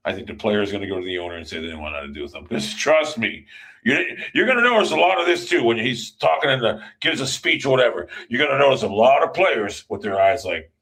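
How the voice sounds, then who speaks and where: A man's voice: mid-range voice, expressive, fast talker, a bit bright, poor audio. Male football ranter, casual and profane, hammering the same warning to fans. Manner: blunt, profane, repeats himself, talks straight to fans. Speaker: football commentator. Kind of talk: casual sports rant.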